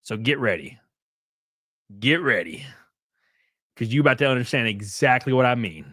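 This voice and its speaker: A male streamer talks loosely and profanely to his chat, his pitch swinging up and down as he jokes. The sound is close and dry, with no room around it. He keeps a casual, teasing edge throughout. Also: expressive, moderate pace, sharp tone, no room sound. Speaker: live streamer.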